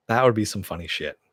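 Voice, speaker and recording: A man's voice: on the low side, husky, no echo, clean studio sound. A man hosting a casual live stream, reading viewer comments aloud and rambling with a self-deprecating chuckle.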